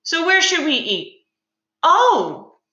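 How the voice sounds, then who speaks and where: A woman's voice: extremely high pitch, huge pitch swings, slow pace, bright, forceful tone, muffled recording, voice pushed up, heavily acted. A woman reading aloud as a lovesick, melodramatic young man, sighing over his unhappy love. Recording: roomy echo.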